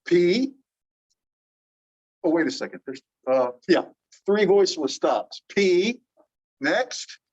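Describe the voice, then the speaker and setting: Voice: mid-range voice, big pitch swings, slow, long pauses, a little mellow, dull audio. A teacher giving a phonetics lecture in class, patiently quizzing students with questions and spelling out examples. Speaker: linguistics teacher.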